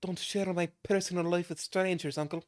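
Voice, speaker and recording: A man putting on a young female dragon sailor, pouty but dutiful. The voice jumps well above a man's normal range, a strained high pitch for a girl character in a game read-aloud. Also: fairly even intonation, brisk, dry recording, close to an everyday voice.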